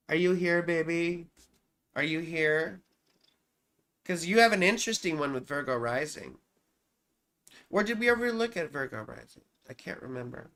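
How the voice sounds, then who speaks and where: A man hosting a casual live stream of astrology chart readings, speaking in a soft, consoling way to viewers, calling them baby and sweetheart and swearing now and then. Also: on the high side. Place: home, with a cat nearby.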